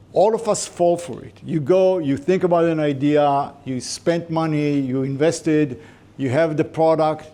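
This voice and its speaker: A male lecturer speaks to a class in a mellow, somewhat high voice. His delivery is conversational and informal, with jokey asides between points.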